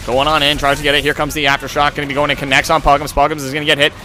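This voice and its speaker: A young man in his twenties calling a video game match play by play, rapid and excitable. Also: fairly high pitch, a little hiss or hum. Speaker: esports caster.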